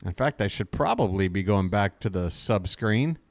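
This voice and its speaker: A man calling a baseball game as a fan streamer, chatting directly with his viewers and getting excited on big plays. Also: on the low side, moderate pace, dry recording. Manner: chatty, talks straight to his chat viewers. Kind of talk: live fan play-by-play commentary.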